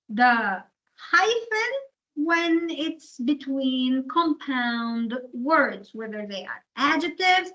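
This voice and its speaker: High-voiced woman lecturer, muffled recording. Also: pushed and bright. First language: Arabic. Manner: switches between English and Arabic, explains rules step by step. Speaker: English translation lecturer. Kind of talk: university lecture.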